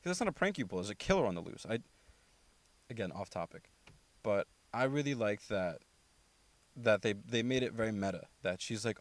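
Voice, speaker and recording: Chatty young man reviewing a movie. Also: a little fast. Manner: chatty, rambling, many fillers and self-corrections; mimics characters with animated pitch jumps. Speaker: podcast host. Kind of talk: casual movie review monologue.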